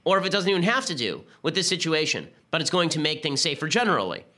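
A man hosting a podcast, delivering an argumentative political commentary monologue with quick restarts. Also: on the high side, very animated, pushed and bright. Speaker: podcast host.

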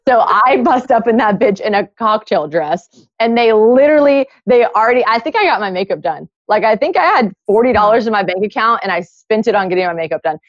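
A young woman telling a story in casual chat, animated and acting out what others said. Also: a little high, a little fast, no room sound, lo-fi sound. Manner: animated, acts out quotes in other voices. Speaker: podcast guest.

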